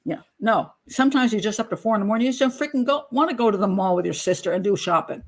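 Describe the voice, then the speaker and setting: A woman's voice: mid-range voice, expressive, quick pace. An older woman, a criminal profiler, giving chatty, blunt true crime commentary with sarcastic asides.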